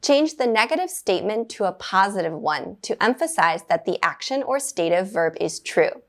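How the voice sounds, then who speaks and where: A woman's voice: medium pitch, animated. Upbeat woman teaching english grammar. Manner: clear, measured, with bright upbeat praise words. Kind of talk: scripted grammar lesson.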